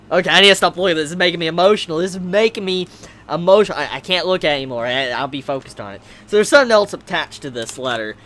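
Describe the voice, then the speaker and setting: A man vlogging casually as he unboxes gifts, excitable, stammering and repeating himself, at times shouting. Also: on the high side, quick pace. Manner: excitable, swings to shouting and squealing. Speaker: anime vlogger.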